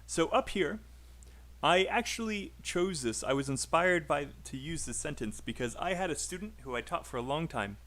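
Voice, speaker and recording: A man's voice: on the high side, expressive, normal speed, a bit bright. A man teaching English pronunciation on a live stream, chatty and encouraging, calling out names from the chat.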